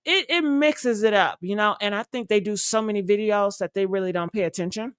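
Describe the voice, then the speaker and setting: A woman's voice: medium pitch, fairly quick, smooth, no echo, clean studio sound. A young woman streamer chatting casually and loosely to her viewers, rambling with fillers and laughter. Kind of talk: casual live-stream chat.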